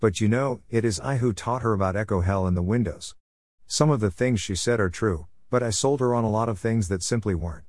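A man's voice: lowish voice, darkish tone, no room sound, studio quality. A man voicing a scheming, boastful male affliction spirit who mocks and gloats in a storybook tale.

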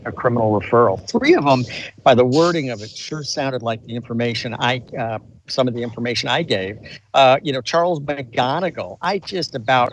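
A man's voice: mid-range voice, slight background noise, rough recording. An older man, a retired colonel, telling a story in an interview with intensity and emphasis, often restarting his sentences. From United States. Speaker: guest, retired colonel and author.

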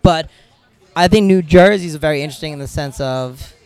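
Lively American guy telling stories. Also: fairly high pitch, fairly quick, clear, resonant tone. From United States. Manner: animated, profane, laughs through his stories. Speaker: podcast guest. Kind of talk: casual storytelling chat.

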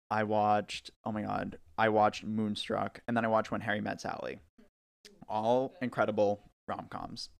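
A young man hosting a podcast, chatting casually and excitedly retelling film scenes with playful quoted lines. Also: lowish voice, creaky. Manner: animated storyteller, acts out quotes with laughs. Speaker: podcast host. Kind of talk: casual chat.

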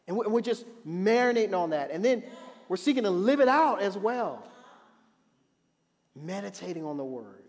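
A man preaching a sermon as pastor, animated and building to emphatic repeated refrains. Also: sits high, normal speed, long pauses. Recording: long reverb of a hall.

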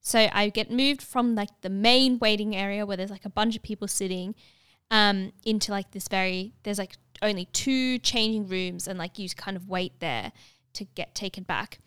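A young woman telling a story in casual chat, animated and full of fillers, acting out what others said. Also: medium pitch, normal speed, smooth, dry recording. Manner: animated, many filler "like"s, acts out dialogue.

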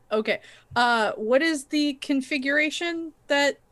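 A woman's voice: sits high, takes it slowly, fairly bright tone. A woman playing in a tabletop game, hesitant and stumbling over her words. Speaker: player. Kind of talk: casual chat in a tabletop game.

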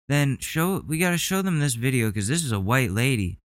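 A man's voice: mid-range voice, expressive, moderate pace, hardly any pauses, clear, resonant tone, dry recording. A man hosting a casual reaction commentary, talking in an indignant, profane, rambling way. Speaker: commentary host.

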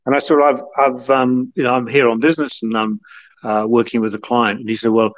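A man's voice: mid-range voice, steady tone, fast. A middle-aged man from the North of England, a guest telling long anecdotes with many fillers and restarts. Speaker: guest, former football club chief executive. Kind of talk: relaxed anecdotal storytelling. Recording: slightly muffled lo-fi audio.

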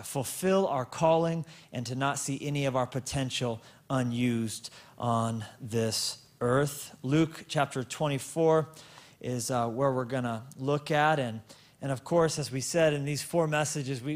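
A pastor with a medium-pitched voice preaches a sermon, telling a story full of stammered restarts and repeated words. He slows down to stretch out words for emphasis.

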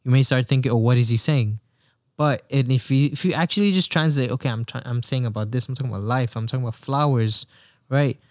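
A man talking in a relaxed, rambling podcast chat, often restarting his sentences. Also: mid-range voice, fast, dry recording, clean studio sound. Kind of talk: casual chat.

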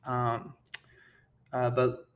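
A man's voice: medium pitch, monotone, drawn-out words, highs cut off. A man giving casual opinion commentary, heated and indignant, who often stumbles over his words and repeats himself. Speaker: political commentator.

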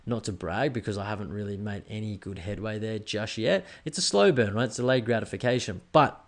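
A young adult Australian man hosts a casual solo podcast in a slightly low voice. He is candid and sweary and keeps tossing in "right?" to check in with listeners. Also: brisk. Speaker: podcast host.

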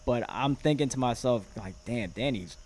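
A man's voice: mid-range voice, normal speed, darkish tone. Man telling stories with lots of fillers. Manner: rambling storytelling with many fillers and laughs. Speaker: guest, former reality competition contestant. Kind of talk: casual podcast chat.

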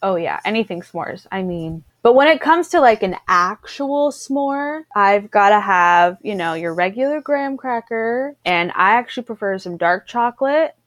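A woman's voice: mid-range voice, expressive, normal speed, few pauses, no echo. A woman co-hosting a casual chat, bubbly and chatty, laughing often. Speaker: podcast co-host.

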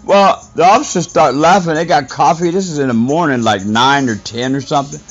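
A man's voice: fairly high pitch, a little fast. Guy going off on an angry rant, cursing a lot, kinda muffled recording. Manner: indignant, profane, scolding. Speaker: podcast host. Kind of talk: ranting monologue. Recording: dull lo-fi audio with faint music.

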